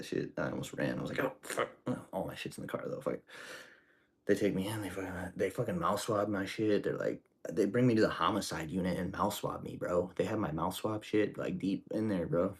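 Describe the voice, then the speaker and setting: A man with a low, slightly rough voice streams himself cooking. He tells rambling stories in casual, profane slang as he goes.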